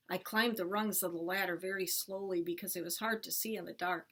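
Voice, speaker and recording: A woman teacher reading a chapter book aloud to children, clear and expressive. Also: fairly low pitch, a little fast, few pauses, a little hiss or hum.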